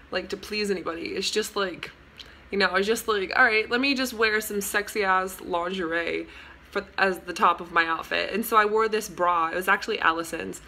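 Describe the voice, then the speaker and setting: A young woman telling a story to camera in a casual vlog, gushing and excitable, with lots of "like" and "oh my god". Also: medium pitch. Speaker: vlogger.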